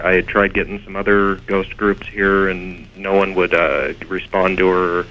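Low-voiced man on a muffled phone line. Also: little pitch movement, normal speed, hardly any pauses, a little hiss or hum. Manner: casual, hesitant, many fillers. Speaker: paranormal investigator, radio guest. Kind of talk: radio interview.

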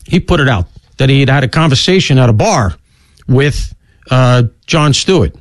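A middle-aged man hosting a talk radio show, delivering an opinionated monologue with rapid asides and sudden swoops in pitch. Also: lively intonation, no room sound. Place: radio studio.

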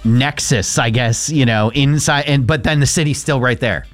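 A man hosting a radio show, chatting casually in an animated, self-mocking way. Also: mid-range voice, normal speed, soft background music. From Connecticut. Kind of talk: casual chat.

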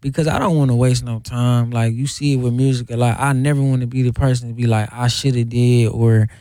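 Relaxed man with a mellow voice. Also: medium pitch, fast, dry recording, clean studio sound. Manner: relaxed, repeats "you know what I'm saying". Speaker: radio guest. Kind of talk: casual interview chat.

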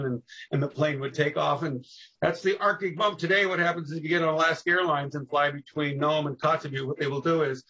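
Lively storyteller man with husky voice. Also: fairly high pitch, low-quality recording. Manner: animated, jumps into voices, laughs at his own stories. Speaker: guest storyteller on local history. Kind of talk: casual podcast storytelling.

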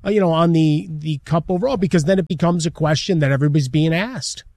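Man, sports talk co-host, fairly high voice, dry sound, chatty with fillers. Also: quick pace, darkish tone, no echo. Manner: chatty, many fillers and rhetorical asides. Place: studio.

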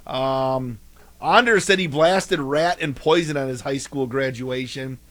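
A man hosts a morning radio show in loose, joking banter. His voice sits at an everyday middle pitch. It is close-miked and very dry. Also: a little slow, a bit bright, dry recording. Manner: joking, chatty, rambling.

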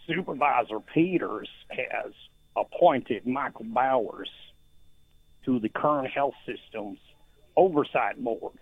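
A man's voice: medium pitch, takes it slowly, dry recording. A man calling a radio show in a put-on drawling accent, pressing accusations against officials. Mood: accusing. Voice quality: gravelly, husky put-on accent. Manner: accusing, insistent, talks over the host. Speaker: caller. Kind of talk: call-in radio complaint. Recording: tinny phone line.

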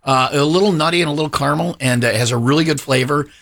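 A man hosting a casual chat, telling stories in an animated, talkative way. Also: a little high, racing. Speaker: show host.

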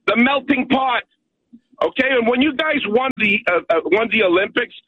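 A man's voice: very high-pitched, animated, moderate pace, husky, dry recording. Emphatic Canadian man on a phone line. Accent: Canadian, Montreal. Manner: emphatic, repeats "okay?" often. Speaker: caller. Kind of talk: call-in radio rant. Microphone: telephone.

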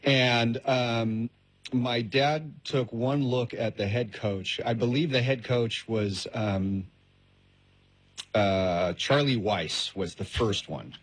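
A man who is a guest comedian on a sports talk show, playfully doing mock-stern impressions with high shouted bursts. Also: takes it slowly, slightly rough, no echo.

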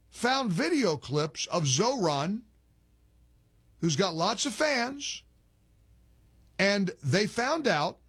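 An indignant male commentary host delivers a rambling, opinionated monologue full of restarts. His husky voice sits a bit high and swoops up and down with lively emphasis.

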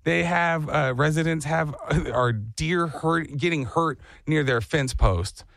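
A man's voice: on the high side, takes it slowly, gravelly, fairly bright tone, no room sound. A man hosting a comedy talk show, riffing animatedly and slipping into silly put-on voices. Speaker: radio show host. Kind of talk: comedic radio banter.

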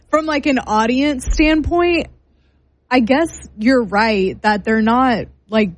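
A woman's voice: fairly high pitch, slow. A woman co-hosting a casual sports chat, laying out her reasoning step by step with light laughs. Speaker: sports podcast co-host.

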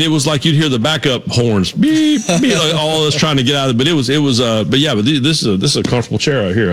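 A man's voice: mid-range voice, a bit bright. A man co-hosting a sports talk show in a studio, telling stories and laughing easily. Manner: rambling storyteller, laughs easily.

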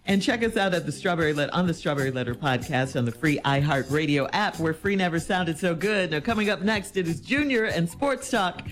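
A woman's voice: lowish voice, lively intonation, brisk, hardly any pauses. A woman co-hosting a radio show, laughing often and prompting the host, then reading the show promo. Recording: music playing under the voice.

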